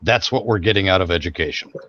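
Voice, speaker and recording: A man with a lowish voice talks loosely in a casual podcast chat, circling back over his words and restarting phrases. The recording sounds dull and lo-fi. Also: fast, fairly bright tone. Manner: rambling, repeats and restarts phrases. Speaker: podcast co-host.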